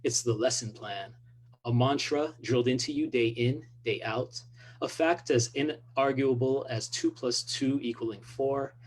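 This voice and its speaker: A man, an author, reading his own fiction aloud in a measured, deliberate way at a public event. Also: medium pitch, slight background noise.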